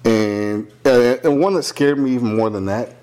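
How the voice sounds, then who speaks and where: A man's voice: medium pitch, normal speed, clean tone. A young man telling a long story in casual chat, swearing freely and acting out the people in it. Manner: profane, animated, quotes people in voices. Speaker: podcast co-host telling a story.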